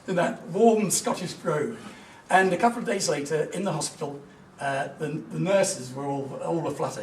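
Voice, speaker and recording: A man's voice: on the high side, moderate pace, a little mellow, a little hiss or hum. A middle-aged man giving a motivational business talk, telling stories in an emphatic, earnest way. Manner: anecdotal storytelling, emphatic and earnest. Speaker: business speaker. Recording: echoey room, voice from a distance, faint ambience.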